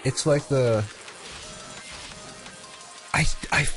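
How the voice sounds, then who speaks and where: A young man in casual gaming chat, animated and often stammering and restarting his sentences. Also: medium pitch, extremely slow. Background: faint game music.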